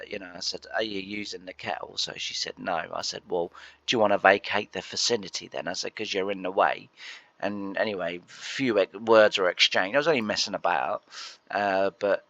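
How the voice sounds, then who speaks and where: A man's voice: lowish voice, fairly bright tone, no room sound, lo-fi sound. A middle-aged British man chatting casually as he plays a farming game, telling stories and laughing along. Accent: British English. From Britain. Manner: chatty storyteller, laughs through anecdotes. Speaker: gaming channel host. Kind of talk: casual chat while playing.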